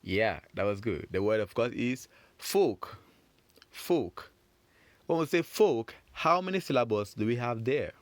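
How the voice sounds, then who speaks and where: A man teaches children a French phonics lesson, encouraging them and repeating words slowly for learners. His mid-range voice is expressive, and the recording is dry.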